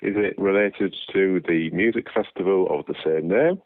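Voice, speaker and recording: Deep-voiced male caller on a phone line. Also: normal speed, dry recording. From London. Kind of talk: recorded listener question.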